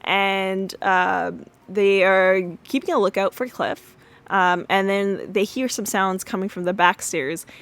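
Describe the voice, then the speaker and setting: A woman's voice: mid-range voice, slow pace, a bit bright. A woman hosting a podcast, casually retelling a TV episode with lots of fillers and acted-out quotes. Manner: chatty retelling with many fillers, acting out quotes. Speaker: podcast host.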